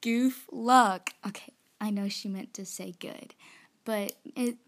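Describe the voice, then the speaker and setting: Slow-talking chatty young woman. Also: mid-range voice. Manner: chatty and rambling, with frequent fillers and laughs; nervous and excited. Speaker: aspiring singer-songwriter. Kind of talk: casual vlog chat.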